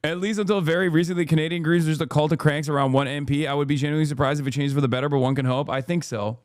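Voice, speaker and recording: A man's voice: on the high side, fairly even intonation, no echo, studio quality. Sarcastic American man ranting on stream. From United States. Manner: sarcastic, fast, profane ranting. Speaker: streamer, political commentator. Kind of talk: live stream political commentary.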